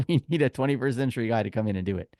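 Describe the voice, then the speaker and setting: A man's voice: mid-range voice, lively intonation, rapid-fire, a little mellow, no room sound, clean studio sound. A man with a Canadian accent co-hosting a podcast, chatty and joking, with firm opinions. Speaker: podcast co-host. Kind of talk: casual podcast chat.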